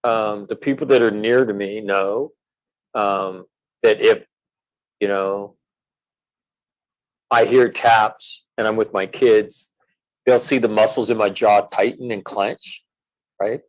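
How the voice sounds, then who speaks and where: A middle-aged man, a former Marine, talking in an earnest, measured way with frequent fillers as an interview guest. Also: lowish voice, steady tone, low-quality recording. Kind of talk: reflective interview talk.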